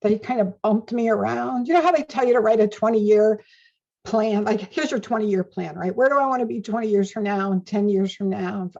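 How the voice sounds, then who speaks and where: An older woman speaking as an interview guest in an animated way, laughing often, heard on a dull lo-fi recording. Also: mid-range voice, normal speed, creaky. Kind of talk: conversational interview.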